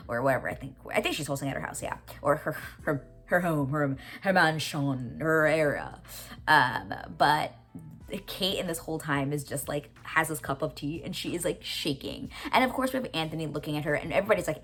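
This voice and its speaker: A young woman with a low, deep-set voice rattles through a TV episode recap, swearing freely and gushing. Faint music plays underneath her chatty, animated commentary. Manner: animated, profane, gushing, quick asides. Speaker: reaction video host.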